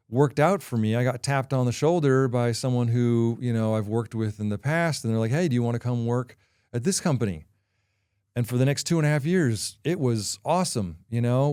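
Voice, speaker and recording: A middle-aged man hosting a podcast, talking through a personal confession in a candid, halting way with frequent pauses. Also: mid-range voice, darkish tone, smooth, no echo, clean studio sound. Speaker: podcast host.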